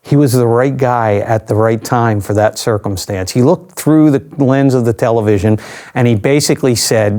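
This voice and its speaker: A man's voice: medium pitch, moderate pace, dark tone. An older man, an interview guest, telling a personal story in a reflective, conversational way with dry asides.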